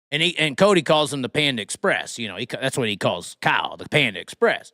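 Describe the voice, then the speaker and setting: A man hosting a live stream, talking racing in a profane, animated, laughing casual chat. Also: mid-range voice, fairly quick, few pauses, no echo, studio quality. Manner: animated, swears constantly, laughs often. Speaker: podcast host.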